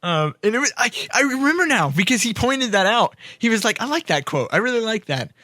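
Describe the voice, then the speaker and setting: A man's voice: high voice, fairly quick, no room sound, clean studio sound. A man co-hosting a casual podcast chat, eagerly retelling his experiences and laughing often. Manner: laughs often, excited recounting. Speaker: podcast co-host.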